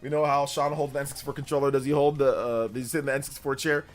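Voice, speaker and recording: A man's voice: mid-range voice, flat delivery, racing, faint music behind. A man in his forties hosting a gaming livestream, chatting casually in a blunt, rambling way that repeats itself.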